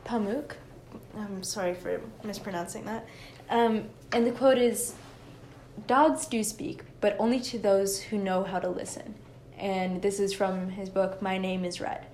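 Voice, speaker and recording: A woman's voice: mid-range voice, a little mellow, a little hiss or hum. A young woman co-hosting a podcast, chatting casually, giggly and rambling with many restarts. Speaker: podcast co-host. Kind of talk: casual chat.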